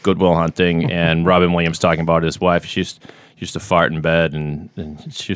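A man's voice: sits low, fairly quick, clear, resonant tone, no echo. A man with a Boston accent hosting a podcast in casual, jokey banter that is sprinkled with swearing. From Boston area. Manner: animated, jokey, swears freely. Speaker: podcast host.

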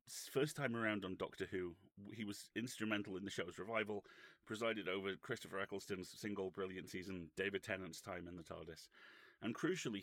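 A man's voice: low-pitched, a bit bright, no echo. A man, a podcast co-host, telling a rambling, sweary anecdote with wry humour.

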